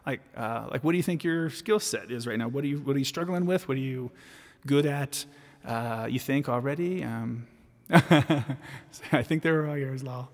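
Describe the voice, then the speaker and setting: A man's voice: medium pitch, moderate pace, in a large hall. A man, a vocal jazz arranger, chatting casually and self-deprecatingly with viewers while recording his own vocal parts.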